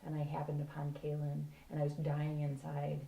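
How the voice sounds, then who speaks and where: A woman's voice: sits low, monotone, normal speed, gravelly, muffled recording. A woman interviewer giving long, encouraging, rambling prompts with many fillers. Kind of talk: coaching interview. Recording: echoey room with faint background noise.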